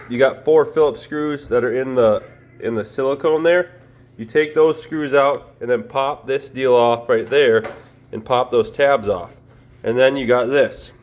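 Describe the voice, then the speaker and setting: A man walks through a home repair in a loose, folksy way, chatty and quick to poke fun at himself. His voice sits at an ordinary middle pitch. It sounds like he is filming on a phone as he works. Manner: folksy, self-deprecating, chatty. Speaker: DIY video host. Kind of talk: casual how-to tutorial.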